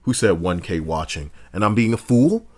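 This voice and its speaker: Give me a man streamer chatting casually, with a very lively pitch that swings from loud outbursts to low muttering. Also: normal speed. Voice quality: swearing often. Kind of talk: casual live-stream chat.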